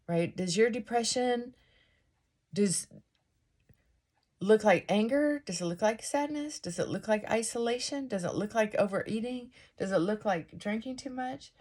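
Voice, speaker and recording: A woman hosting a casual get-ready-with-me vlog, reflecting out loud and often asking rhetorical questions. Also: a little high, unhurried, pauses often. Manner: musing, asks many rhetorical questions; thinking aloud with frequent restarts and asides. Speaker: vlog host. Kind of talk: casual reflective monologue while getting ready.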